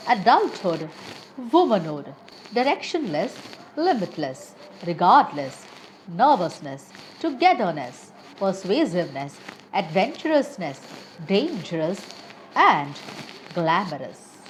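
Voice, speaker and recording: A woman English teacher giving a lesson, listing example words slowly and carefully. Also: medium pitch, a little hiss or hum, low-quality recording. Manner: slow, deliberate word-by-word listing.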